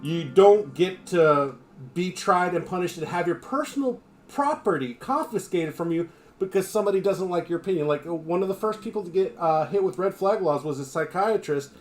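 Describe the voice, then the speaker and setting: A man's voice: high voice, expressive, moderate pace, faint music behind. A man from the United States ranting his opinions in casual live-stream chat, swearing freely.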